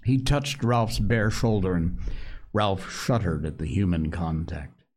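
A man reading a novel aloud in a measured, dramatic way. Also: deep voice, a little mellow. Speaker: reader.

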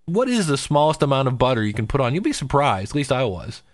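A middle-aged weight-loss vlogger chats casually in a personal vlog, rambling, restarting, and cheering on both himself and his viewers to keep losing weight in a self-deprecating, pep-talk manner. His voice is medium-pitched, sing-song, and fast, recorded dry with studio quality.

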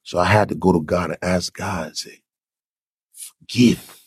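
A man with a gravelly, husky voice tells his own story like a sermon. He swings between low, quiet prayer and loud, shouted speech. The sound is dry and close. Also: fairly even intonation, brisk, dry recording. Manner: preaching testimony, acting out quoted voices, swings to loud shouting. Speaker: podcast host. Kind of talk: impassioned faith podcast talk.

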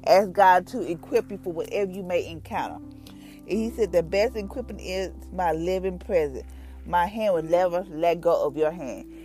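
Folksy woman sharing a devotional. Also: lowish voice. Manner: conversational, folksy, animated retelling. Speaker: devotional podcast host. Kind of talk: casual devotional talk.

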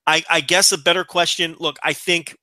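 A man's voice: a little high, fairly even intonation, normal speed, bright, forceful tone, no echo. A man co-hosting a podcast, giving opinionated analysis in casual talk with frequent restarts. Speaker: podcast co-host.

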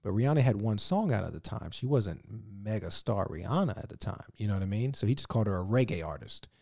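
A man from Virginia telling animated stories as a podcast guest, cursing freely in casual chat. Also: fairly low pitch, fast, vocal fry, no echo, clean studio sound. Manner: animated, profane, laughing storyteller. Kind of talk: casual storytelling.

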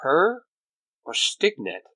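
A man voicing a boastful young male superhero who shouts with excitement. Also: a little high, takes it slowly, no echo, clean studio sound, full character voice. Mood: excited. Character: boastful young male Gold Ranger hero.

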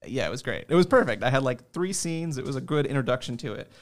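A man in a relaxed interview, telling stories about himself with self-deprecating humor and frequent laughs. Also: medium pitch, quick pace. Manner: laughs often. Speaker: interview guest. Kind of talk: casual chat.

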